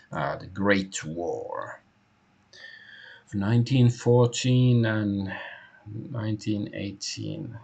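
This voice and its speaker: A man's voice: low-pitched, expressive, extremely slow, vocal fry, long pauses, darkish tone. A man streaming a point-and-click game, musing aloud in a hesitant, casual way. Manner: musing, hesitant, many fillers. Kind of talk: casual gameplay commentary.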